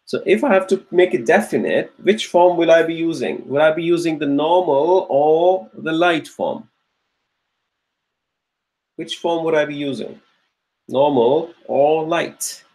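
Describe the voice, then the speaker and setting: Unhurried and a little high-pitched with a darkish tone, a man leads a live online grammar class on a rough recording. He keeps repeating his questions patiently, encouraging students through the drills and praising each one by name as they answer.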